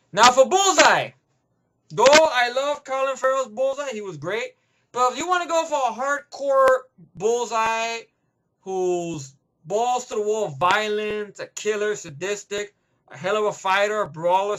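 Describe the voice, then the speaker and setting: A man's voice: high voice, fairly bright tone. A man giving a rambling, profane movie review rant, heavy on emphatic opinions.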